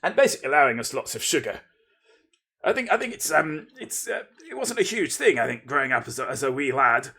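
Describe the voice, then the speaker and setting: A man hosts his livestream, chatting loosely and breaking off his own sentences. His voice is gravelly and a little husky, and his pitch bounces around a lot as he rambles. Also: sing-song, fast talker, pushed and bright. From Lincolnshire, England. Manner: rambling, playful, self-interrupting, thanks viewers. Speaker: livestream host. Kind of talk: casual livestream chat.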